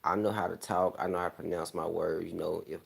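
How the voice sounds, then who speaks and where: A young man with a Southern country accent talks in a casual, rambling chat. His voice sits very low with a gravelly fry, and he slurs his words a little as he laughs his way through. The delivery stays loose and easygoing throughout. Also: little pitch movement, quick pace. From American South.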